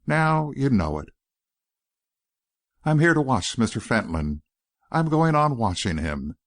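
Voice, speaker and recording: A man reading an audiobook voices an earnest, courteous young gentleman who pleads politely and persistently. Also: mid-range voice, sing-song, measured pace.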